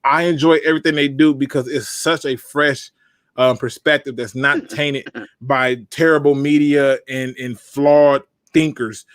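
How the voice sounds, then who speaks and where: A man hosting a casual live stream, joking and reacting loudly to the chat. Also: medium pitch, fairly even intonation, a little slow, smooth, dry recording, studio quality. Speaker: podcast host.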